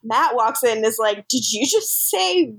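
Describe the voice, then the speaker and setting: A woman's voice: on the high side, lively intonation, a little slow, creaky, no echo. A woman co-hosting a podcast, recapping episodes in casual chat, swearing freely and giggling often. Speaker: podcast co-host.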